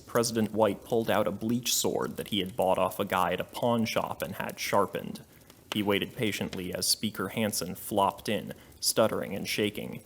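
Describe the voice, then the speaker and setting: Low-voiced guy reading silly fanfic totally deadpan, faint hiss behind. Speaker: fanfiction reader. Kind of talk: comedic dramatic reading.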